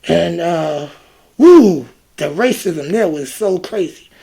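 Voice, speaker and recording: A man from Ohio telling a personal story in a casual, animated monologue, acting out the exchanges and filling gaps with "da, da, da.". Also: fairly high pitch, slow pace, gravelly, husky. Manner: animated, reenacts exchanges, scat fillers like "da, da, da". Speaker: vlogger.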